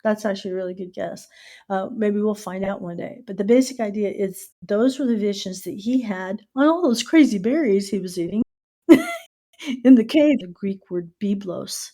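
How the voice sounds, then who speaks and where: A middle-aged American woman hosting a casual podcast, telling stories with lively asides and spelling out words letter by letter. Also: mid-range voice, moderate pace. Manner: animated storyteller who spells out words letter by letter. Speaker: podcast host.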